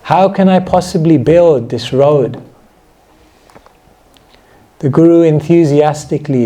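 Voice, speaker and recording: A man giving a devotional seminar talk, soft and reflective, reading a passage and then commenting on it. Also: a little high, slow pace, long pauses. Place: indoor seminar hall.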